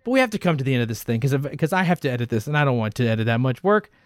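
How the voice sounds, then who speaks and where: A man hosting a podcast in casual chat, loud, playful and teasing. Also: mid-range voice, very animated, rapid-fire, clean tone, no room sound, clean studio sound. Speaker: podcast host.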